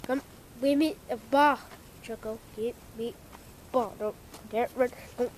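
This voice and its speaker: A woman's voice: fairly high pitch, steady tone, measured pace, slight background noise. A young woman filming a casual home video, swearing and calling out to her dog while she talks to the camera. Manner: shouting, swearing, playfully exasperated at the dog. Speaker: vlogger.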